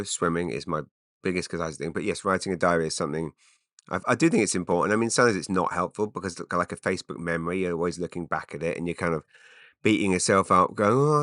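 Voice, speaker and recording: A rambling man in his forties talks through his own podcast with a low voice, constantly breaking off into wry asides. His tone is bright and forceful, and the sound is dry and close, with no room echo. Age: 40s. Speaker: podcast host.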